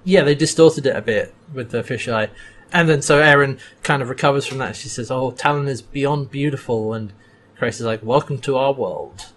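Male co-host, mid-pitched, relaxed recap chatter with playful character bits. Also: moderate pace. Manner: retells scenes, acting out characters' lines with laughs. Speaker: podcast co-host. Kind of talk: casual episode recap chat.

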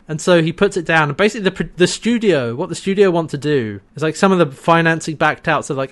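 Guy with a high voice chatting about an episode, acts out the lines. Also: fairly quick, few pauses. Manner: animated, acts out characters' lines with laughs. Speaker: podcast co-host. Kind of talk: casual chat recapping a TV episode.

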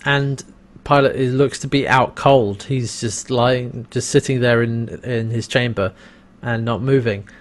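A man's voice: medium pitch, steady tone, unhurried. Man recapping a show, rambling and amused. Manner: rambling, amused storytelling with frequent fillers. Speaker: podcast co-host recapping a TV episode. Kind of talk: casual chat.

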